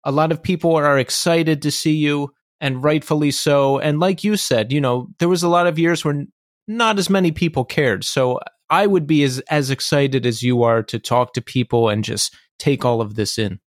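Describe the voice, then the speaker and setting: A man hosting a podcast, interviewing a guest in a relaxed, friendly way. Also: a little high, normal speed, no room sound, studio quality. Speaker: podcast host.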